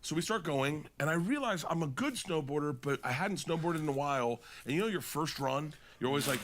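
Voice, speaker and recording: A young man from Florida hosting a podcast, telling stories in casual chat, animated and swearing often. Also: fairly quick, few pauses, slight background noise. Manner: animated, profane, acts out quotes in jumping pitch. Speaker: podcast host.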